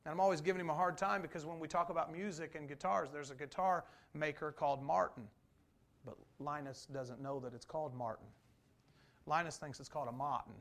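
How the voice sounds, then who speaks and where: A man preaching a conversational sermon, full of rhetorical questions, swinging between loud emphasis and slow, quiet stresses. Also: on the high side, steady tone, creaky. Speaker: pastor.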